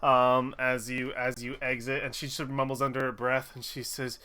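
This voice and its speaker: A man running a tabletop game as game master, easygoing and quick to laugh. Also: medium pitch, flat delivery, bright, forceful tone, smooth. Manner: easygoing, laughs often, fillers.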